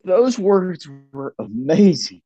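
A man's voice: sits high, big pitch swings, slow pace, warm tone, no room sound, highs cut off, full character voice. A man playing an emotional, gushing Southern nice-guy patient in an improvised comedy podcast.

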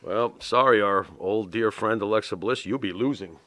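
A man's voice: on the low side, moderate pace, sharp tone. A man co-hosting a casual wrestling podcast, opinionated and profane as he makes his picks. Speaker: co-host.

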